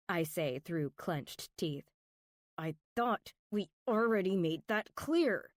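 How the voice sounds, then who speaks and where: Slow, dry-voiced woman narrating a romance. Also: fairly low pitch, animated, dry recording. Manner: slow, intimate and emotional delivery with whispered asides. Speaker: audiobook narrator. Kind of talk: first-person romance audiobook narration.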